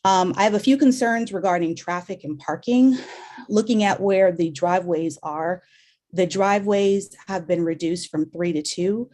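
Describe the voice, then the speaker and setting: A woman commissioner reads measured, prepared points at a public meeting. Her voice sits low and mellow, and it is wearing thin as she loses it. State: losing her voice. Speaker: planning commissioner.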